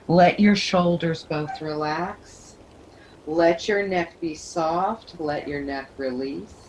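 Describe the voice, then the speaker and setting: Woman yoga teacher, low voice, takes her time, calm soothing cues, bit of faint hiss. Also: slow, rough recording. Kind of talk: guided yoga instruction.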